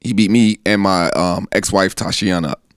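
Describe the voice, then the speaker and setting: An army veteran from the United States, in his thirties, speaks as a guest recounting a personal account in earnest, plain, conversational terms, acting out quoted voices. His low voice is smooth and steady in tone at a moderate pace, recorded at studio quality with no echo.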